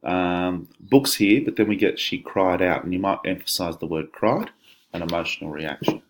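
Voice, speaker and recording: Low-voiced male teacher. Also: moderate pace. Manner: conversational, explanatory, many fillers and restarts. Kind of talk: exam walkthrough lesson.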